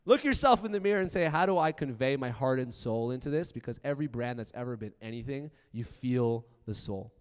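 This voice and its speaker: A man giving a profane, punchy motivational keynote talk, swinging from loud bursts to quiet asides. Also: medium pitch, lively intonation, fairly quick, hardly any pauses, clean tone. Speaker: conference speaker. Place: large conference hall. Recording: long hall reverb.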